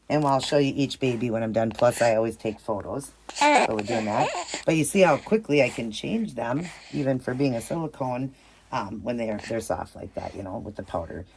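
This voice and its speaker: Middle-aged woman, low voice, lively up-and-down delivery, cooing baby talk, chatty asides. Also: gravelly, noisy background. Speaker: vlogger. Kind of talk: casual show-and-tell vlog.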